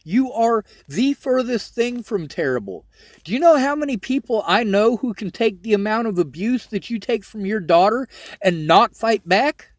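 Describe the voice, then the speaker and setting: A man's voice: high-pitched, animated, moderate pace, dry recording. A man on a phone call, earnest and reassuring, pressing his point. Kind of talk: emotional phone conversation.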